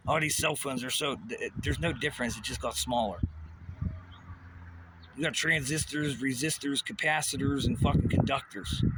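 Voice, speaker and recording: A man ranting in an agitated, rambling way, swearing often. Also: medium pitch. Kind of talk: angry rant. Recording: noisy background.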